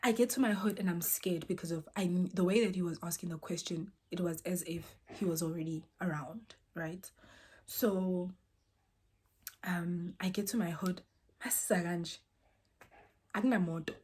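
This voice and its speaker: A young woman tells a personal story casually, dropping to near-whispers and then bursting out loudly as she acts out what people said. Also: fairly low pitch, normal speed, husky. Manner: animated, swings between soft near-whispers and loud exclaimed quotes.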